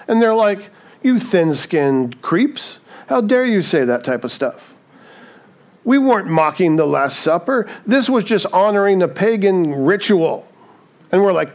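Pastor, male, slightly high voice, chatty preaching with rhetorical tags. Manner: acts out quoted voices. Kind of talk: sermon.

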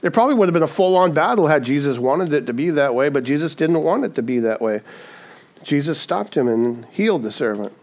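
A pastor preaches a sermon in a slightly high, somewhat mellow voice that moves a little fast and swings widely in pitch. He often asks "right?" and acts out the voices of the people he quotes.

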